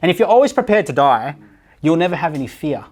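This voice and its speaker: A man's voice: on the high side, very animated, quick pace, a little mellow. An Australian man hosting a podcast in casual chat, blunt and profane, who keeps checking in with "right?". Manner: blunt, swears freely, keeps asking "right?". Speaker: podcast host and property business owner.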